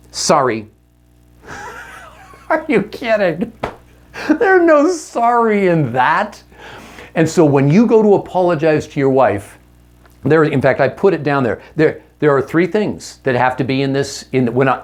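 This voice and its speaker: A man teaching a marriage seminar to a live audience, earnest and coaching, who drops his voice soft and low when he acts out an apology.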